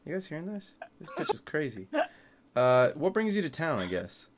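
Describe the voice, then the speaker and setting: Lively, teasing young gamer guy. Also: on the high side, moderate pace, noisy background. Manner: teasing, laughs often, crude. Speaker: gamer in online voice chat. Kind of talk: casual gaming chat.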